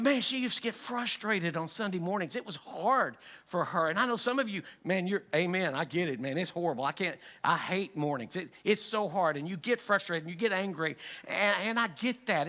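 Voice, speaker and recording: A middle-aged pastor preaches with a high, bright voice. He tells a funny story and moves easily from soft, low asides to loud punchlines. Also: brisk, few pauses. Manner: humorous storytelling, animated, swings from soft to loud. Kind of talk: sermon. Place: church sanctuary.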